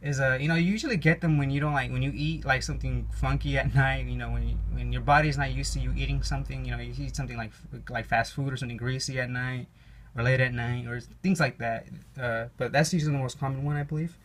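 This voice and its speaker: A man's voice: medium pitch, fairly even intonation, fast talker, a little hiss or hum. A young Mexican American man talking casually about his own experiences, rambling with many fillers, swearing and laughing often. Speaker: YouTube card game channel host. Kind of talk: casual storytelling monologue.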